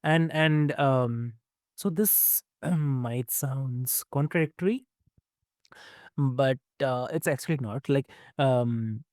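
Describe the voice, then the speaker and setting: A man hosting a podcast interview, listening with frequent hums of agreement and asking halting, thoughtful questions. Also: medium pitch, a little mellow, no echo, clean studio sound. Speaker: podcast host.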